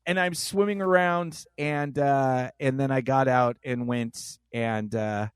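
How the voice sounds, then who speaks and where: A man's voice: medium pitch, slow pace, clear, resonant tone, dry recording, studio quality. A man hosting a podcast in casual chat, telling stories with acted-out voices. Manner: animated storyteller, acts out voices. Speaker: podcast host.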